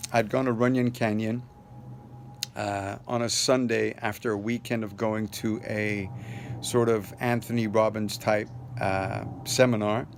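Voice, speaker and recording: A man's voice: fairly low pitch, vocal fry, a little hiss or hum. A man casually telling a personal story to the camera in a loose, rambling way, full of fillers and restarts. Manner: earnest, upbeat sign-off. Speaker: vlogger sharing a personal story.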